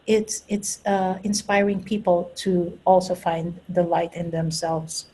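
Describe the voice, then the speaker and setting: A woman's voice: fairly low pitch, fairly even intonation, a little slow, mellow, husky, poor audio. A woman talking casually about spiritual growth, earnest and laughing at herself now and then. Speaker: host and spiritual coach.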